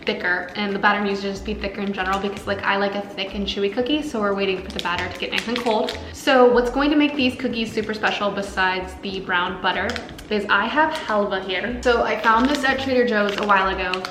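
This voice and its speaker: A woman's voice: mid-range voice, fairly quick, few pauses, echoey room, background noise. A young woman casually chatting through a cooking and eating vlog, upbeat and full of filler words. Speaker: food vlogger.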